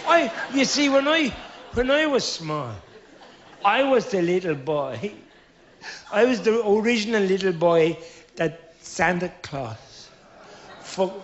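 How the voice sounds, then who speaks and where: Middle-aged Dublin Irish man, stand-up storyteller, fairly high voice, dull lo-fi sound. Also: noisy background. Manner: lively storyteller, acts out characters in his own voice. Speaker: comedian. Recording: dull lo-fi live recording.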